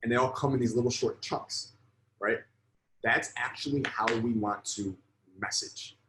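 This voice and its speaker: A man's voice: mid-range voice, normal speed, reverberant, noisy background. A man coaching on sales in a live online lesson, blunt and emphatic, swearing freely.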